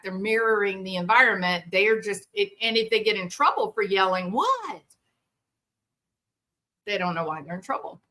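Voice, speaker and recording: A woman hosting a talk show, explaining things casually and acting out parents and children in quick quoted voices. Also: mid-range voice, pushed and bright. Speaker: podcast host. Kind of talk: explanatory commentary.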